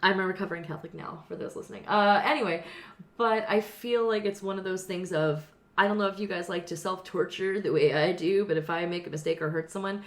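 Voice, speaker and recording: A woman co-hosting a casual podcast, emotional and animated, laughing often and breaking into high squeals when excited. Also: fast talker. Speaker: podcast co-host. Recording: echoey room.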